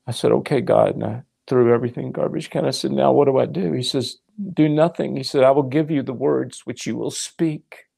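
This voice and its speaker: A middle-aged male pastor preaches, recounting his own story and voicing both himself and God. His voice has a gravelly edge at a mid pitch. He talks straight to his listeners as folks. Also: brisk, warm tone. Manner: storytelling, acting out dialogue with God. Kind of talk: sermon.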